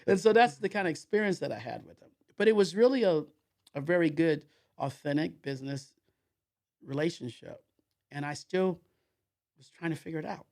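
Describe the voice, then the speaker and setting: A man's voice: a little high, animated, moderate pace, creaky, pauses often, a little mellow. A man being interviewed as a podcast guest, telling a story in a rambling way, with many repeated fillers and restarts.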